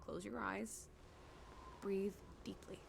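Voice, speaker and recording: A woman's voice: medium pitch, steady tone, vocal fry, background noise. An actress playing a bossy, teasing young woman companion in a video game. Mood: caring commanding. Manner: brisk and commanding.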